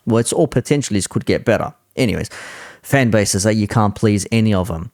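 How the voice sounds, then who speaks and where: A man's voice: mid-range voice, brisk, darkish tone, no room sound, studio quality. Exasperated man doing reaction commentary. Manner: exasperated, swears casually. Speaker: commentary channel host.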